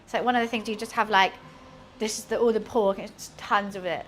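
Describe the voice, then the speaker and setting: Cooking at home in her kitchen, this young woman from Britain streams while chatting casually, rambling with fillers and poking fun at herself. She speaks fairly quickly at a medium pitch in a steady tone, and there's slight background noise.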